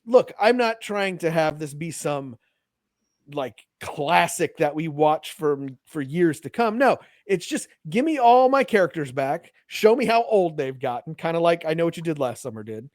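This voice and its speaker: Excitable man chatting on a podcast. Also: fairly high pitch, normal speed, dry recording, studio quality. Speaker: podcast co-host. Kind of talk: casual chat.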